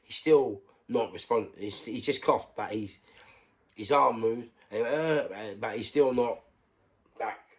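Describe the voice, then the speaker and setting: A man's voice: mid-range voice, measured pace. A man with a London accent telling a rambling, emphatic story, often dropping to a whisper. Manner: rambling, emphatic, drops to a whisper when quoting himself. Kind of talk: casual storytelling monologue.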